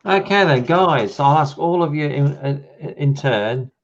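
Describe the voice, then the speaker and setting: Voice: mid-range voice, animated, a little slow, highs cut off. A host on a paranormal livestream, reading out viewer comments and steering the talk. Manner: reads comments aloud, moves the chat along. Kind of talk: livestream hosting.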